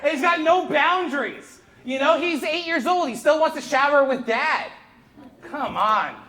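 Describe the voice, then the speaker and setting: A Canadian man in his thirties doing live stand-up comedy on a theater stage, animated and profane, working the crowd and breaking into shouts. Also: very high voice, unhurried. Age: 30s. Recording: echoey theater with loud crowd laughter. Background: audience laughter.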